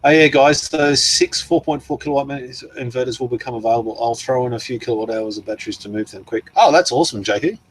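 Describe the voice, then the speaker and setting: This Australian livestream host talks quickly with few pauses in a husky, mid-range voice. He reads comments aloud in a casual chat, rambling and laughing while answering his viewers.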